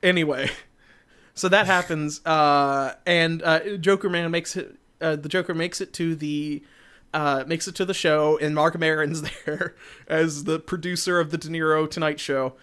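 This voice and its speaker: A man's voice: fairly high pitch, fairly even intonation, unhurried, fairly bright tone, clean tone. A man co-hosting a comedy podcast, rambling through a silly movie recap with lots of fillers and goofy quoted voices. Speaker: podcast co-host.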